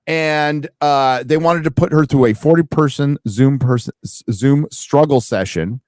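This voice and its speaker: A man's voice: on the high side, measured pace, darkish tone, no echo. A man hosting a casual chat, blunt and sarcastic, often swearing. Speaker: host.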